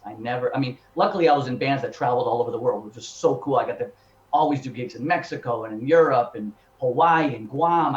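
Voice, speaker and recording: A man in his fifties, a professional singer and voice teacher, telling his story in an animated, chatty way and repeating words as he thinks. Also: medium pitch. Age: 50s. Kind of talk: casual interview storytelling. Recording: echoey room, dull lo-fi sound.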